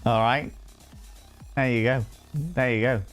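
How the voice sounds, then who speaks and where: A man's voice: mid-range voice, takes it slowly, soft background music. A man streaming live, chatting casually with his chat, loose and sweary with plenty of fillers.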